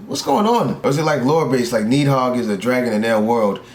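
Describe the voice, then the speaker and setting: A young man from South Carolina, reacting to an anime in casual, excitable and profane commentary from a room at home. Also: medium pitch, brisk. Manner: excitable, profane, animated outbursts. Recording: roomy echo, faint background hiss.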